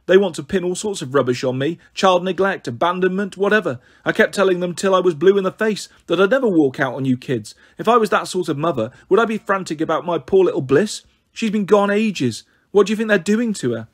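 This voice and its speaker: Man voicing a scatty young mother, storybook, high pleading voice, rushed. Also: animated. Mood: frantic.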